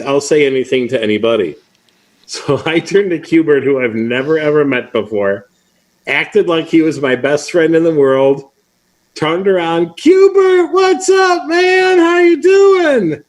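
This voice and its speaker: A man's voice: on the high side, normal speed. A middle-aged man hosting a livestream, chatting casually and telling a teasing story. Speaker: host.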